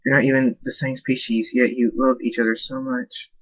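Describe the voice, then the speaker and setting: A man's voice: mid-range voice, level tone, normal speed, husky, no echo, close to an everyday voice. A man reading the lines of a sad, lonely female pony princess in a plain voice. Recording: dull lo-fi dry recording.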